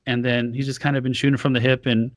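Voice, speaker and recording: A man's voice: mid-range voice, little pitch movement, quick pace, dry recording. A man co-hosting a casual gaming podcast, speaking in a plain mid-range voice. He rambles frankly and swears now and then, recorded dry and close with no room sound. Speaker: podcast co-host. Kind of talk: casual chat.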